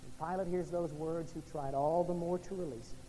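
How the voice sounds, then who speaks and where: A male pastor delivering a sermon, swinging from loud emphasis down to quiet, hushed lines. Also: fairly high pitch, steady tone, brisk, slight background noise. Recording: reverberant hall with faint ambience.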